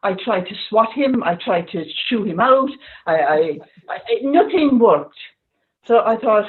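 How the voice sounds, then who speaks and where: A woman doing stand-up in a put-on Irish accent over a video call, wry and halting, with a mock-sad tone. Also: medium pitch, lively intonation, narrow, tinny audio. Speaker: stand-up comedian. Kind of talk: deadpan lockdown stand-up.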